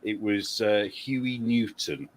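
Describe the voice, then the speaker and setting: A man's voice: lowish voice, slow pace, over a noisy crowd. A man from the UK co-hosting a casual chat podcast, blunt and opinionated. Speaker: podcast co-host.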